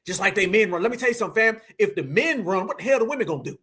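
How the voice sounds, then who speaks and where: A man's voice: high-pitched, lively intonation, rapid-fire, a bit bright, husky. A man hosting a live stream, preaching to his audience in a fired-up, hyped way. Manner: preachy, hyped, addresses chat as family. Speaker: livestream host. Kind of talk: fiery live stream commentary.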